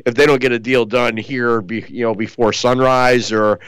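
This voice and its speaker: A man's voice: mid-range voice, fairly even intonation, moderate pace, fairly bright tone, clean tone, no room sound, poor audio. A man co-hosting a sports talk radio show, chatting casually and rambling with lots of fillers. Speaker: co-host.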